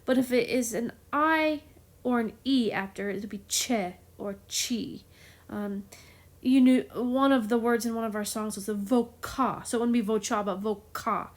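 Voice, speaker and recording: A woman's voice: fairly high pitch, moderate pace. A woman giving a casual lesson on chant, enthusiastic and playful, chatty with fillers and small laughs. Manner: enthusiastic, playful, self-described geek. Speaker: chant teacher.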